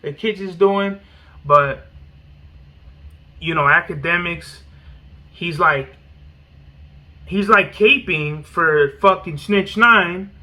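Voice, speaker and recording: A man's voice: sits high, takes it slowly, long pauses, sharp tone. A man hosting a podcast in rambling, profane casual chat full of slang. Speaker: podcast host.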